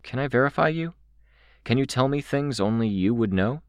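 A man's voice: mid-range voice, expressive, moderate pace, no echo, clean studio sound, voice pushed up, lightly acted. A man voicing a guarded, direct young woman who asks careful, probing questions.

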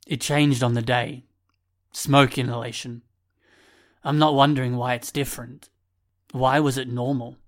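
An angry, accusing teenage boy with glasses, as a male narrator voices him. His voice sits higher than an adult man's and comes out loud and cutting, like he's done being ignored. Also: flat delivery, a little slow, long pauses, close to an everyday voice. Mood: weary.

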